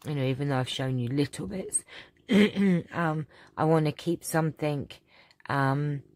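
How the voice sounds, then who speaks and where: A woman with a sore, hoarse throat, chatting casually through a vlog Q&A with lots of ums and throat-clearing. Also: low-pitched. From England. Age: adult, about to marry. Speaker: crafting channel host.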